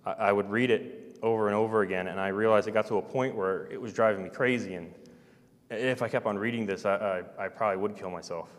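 A man telling a personal story in a rambling, halting way, full of restarts and trailing-off phrases. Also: fairly low pitch, steady tone, big-room sound.

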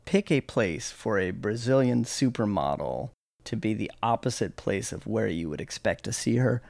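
A man chats as a co-host with dry, wry teasing. His voice carries a gravelly fry at a middle pitch. He is recorded close, with a dry sound. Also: expressive, moderate pace, a little mellow, no room sound. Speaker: podcast co-host. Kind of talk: casual chat.

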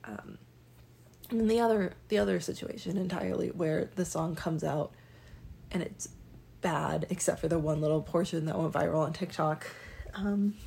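Young female vlogger, gravelly low-ish voice, loose self-deprecating ramble. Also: normal speed, warm tone, a little hiss or hum. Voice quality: raspy, creaky. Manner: rambling, self-deprecating, many ums and restarts. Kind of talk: casual monologue.

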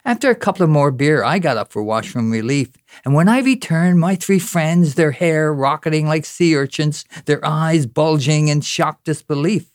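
A man's voice: on the high side, lively intonation, normal speed, no echo, studio quality. A man from Newfoundland with a Newfoundland accent, telling a story and then reciting a rhyming spoken-word poem with a rhythmic, dramatic delivery. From Newfoundland, Canada. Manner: rhythmic, dramatic recital with rising, exclaiming lines.

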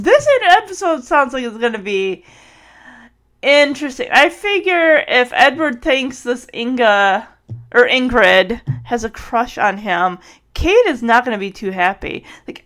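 Sleepy lady podcaster, rambly and chatty, kinda high voice. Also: a bit bright. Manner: rambling, thinks aloud with many restarts. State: tired, yawning. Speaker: podcast host. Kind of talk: casual solo podcast chat.

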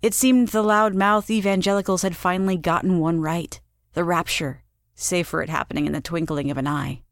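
Woman reading a short story, lowish voice, steady, super dry sound. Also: no echo. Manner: measured storytelling. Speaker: narrator. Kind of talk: scripted audiobook narration.

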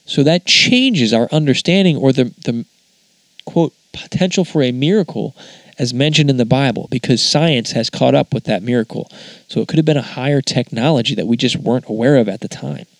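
A man talks through his thoughts in a loose, conversational monologue, drifting off track and circling back. His voice sits at a middling pitch. The sound is dry and close, with no room echo. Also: a little fast, creaky. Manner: musing, conversational, wanders off track. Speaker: podcast host. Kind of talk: casual spoken monologue.

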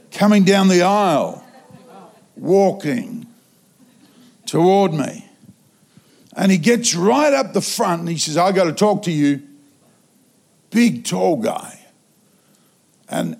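Man, preacher, humorous sermon storytelling, slow deliberate pace, sudden loud bursts. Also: high voice, creaky. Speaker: traveling preacher. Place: church auditorium.

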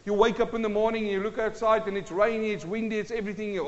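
High-voiced preacher man in an echoing hall. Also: fairly even intonation, fast. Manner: exhorting, rhetorical questions, sings a hymn line. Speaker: pastor. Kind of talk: sermon. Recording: dull, long-reverb church hall.

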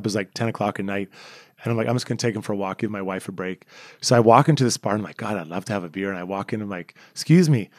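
A man's voice: on the low side, no echo, clean studio sound. A Canadian man in his forties, a former hockey player telling stories in a casual, self-deprecating interview. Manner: chatty, self-deprecating, animated when retelling stories.

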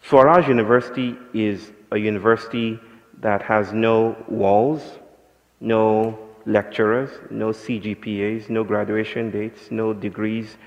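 A man giving a public talk, telling stories in a measured, philosophical way. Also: lowish voice, fairly even intonation, lo-fi sound. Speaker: speaker. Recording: long hall reverb.

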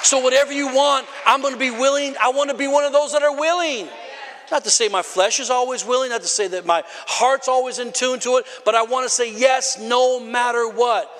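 A man preaching a sermon to a congregation, emphatic and often shouting, calling out to the crowd between points. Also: very high-pitched, a little fast. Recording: long reverb of a large hall.

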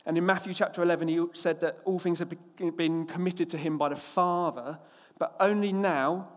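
A man preaching a sermon from England, opening with a lively anecdote in which he acts out the characters before turning to scripture. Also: fairly high pitch, normal speed, long reverb tail.

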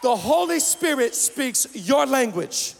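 A young man preaching a sermon at a conference, swinging between shouted lines and quieter storytelling. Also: very high-pitched, slow, vocal fry, some chatter behind. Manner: energetic, shouting punchlines then dropping to storytelling. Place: large conference hall. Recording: long hall reverb.

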